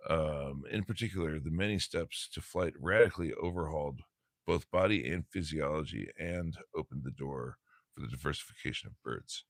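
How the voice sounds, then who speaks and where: A man's voice: a bass voice, moderate pace, vocal fry, no room sound, studio quality. A man teaching a casual lesson, reading a textbook aloud in a laid-back, slangy way, often stumbling over words, recorded on a phone.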